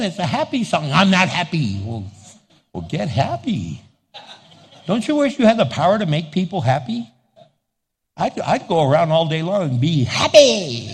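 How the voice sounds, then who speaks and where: A man's voice: a little high, husky, big-room sound. A man preaching a sermon as pastor, playful, acting out little dialogues and laughing often.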